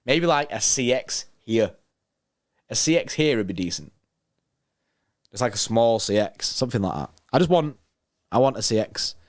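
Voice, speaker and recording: A man's voice: mid-range voice, lively intonation, moderate pace, long pauses, no room sound, clean studio sound. A young man hosting a football watchalong stream, chatting casually and joking as he reads out chat messages. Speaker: watchalong host reading live chat.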